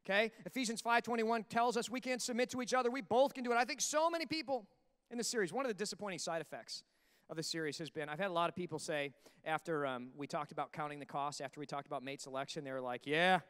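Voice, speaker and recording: High-voiced animated preacher. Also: male voice, fast talker, smooth, in a large hall. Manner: animated preaching with acted asides. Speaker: pastor. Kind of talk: sermon. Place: church sanctuary.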